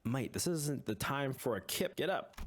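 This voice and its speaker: A man's voice: medium pitch, animated, moderate pace, close to an everyday voice. A man putting on a crude, hot-tempered young British man with a put-on British accent, talking in an insulting, exaggerated way. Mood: annoyed.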